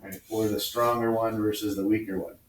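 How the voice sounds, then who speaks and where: A man in his fifties, a teacher, telling family stories in casual class talk and acting out the people he quotes in squeaky high voices. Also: flat delivery, a little fast. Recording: echoey classroom from far off.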